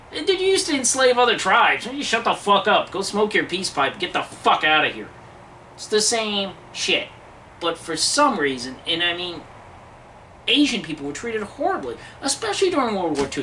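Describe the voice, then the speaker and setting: A man's voice: sits high, pushed and bright, recorded from a distance, slight background noise, low-quality recording. A man delivering an angry, profane rant to camera, aggressive and mocking as he talks. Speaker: vlogger.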